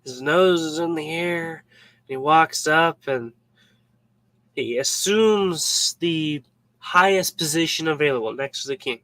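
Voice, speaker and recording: Bright-voiced man giving casual Bible teaching. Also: a little high, slow, no room sound, low-quality recording. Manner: informal, joking, acts out little scenes.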